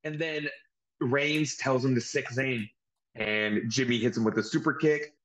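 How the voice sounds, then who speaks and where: Male podcast host, mid-pitch, animated recap delivery. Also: normal speed, rough recording. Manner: animated play-by-play retelling with acted-out quotes. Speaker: podcast host reviewing wrestling. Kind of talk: casual recap chat.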